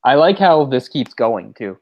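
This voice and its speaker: A man's voice: mid-range voice, sing-song, a little slow, lo-fi sound. Man chatting through a movie commentary. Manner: chatty, mimics characters in quotes. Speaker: commentary co-host.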